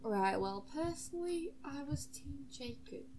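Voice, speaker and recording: A crude, brash knight who swears freely and gives blunt, offhand advice, played by a woman. The delivery is unhurried and the tone soft and mellow, set a little high. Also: expressive, a little hiss or hum. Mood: grudging.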